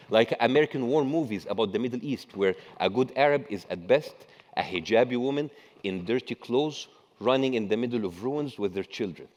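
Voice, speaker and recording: A middle-aged man with an Egyptian accent delivers a satirical keynote, full of mocking asides. His voice sits at an ordinary male pitch. He is recorded in a large conference hall with a long, echoing reverb. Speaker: conference speaker.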